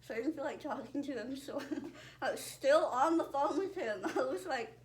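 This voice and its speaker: Giggly woman with a lively voice. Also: high-pitched, moderate pace. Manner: giggly, animated storyteller. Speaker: podcast guest. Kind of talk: casual chat. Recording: crowd noise behind.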